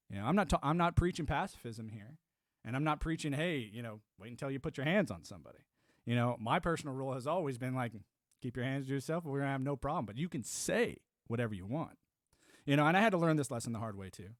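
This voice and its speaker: A man's voice: medium pitch, dry recording. Rambling man streamer, dry close mic. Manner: rambling, restarts, laughs to himself. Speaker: livestream host. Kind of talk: casual chat reading and answering live chat.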